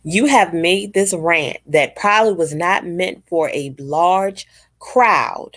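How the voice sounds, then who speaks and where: A woman's voice: on the low side, slow pace, fairly bright tone, no room sound. A woman vlogger, ranting casually and bluntly to her viewers, swearing for emphasis. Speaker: commentary vlogger.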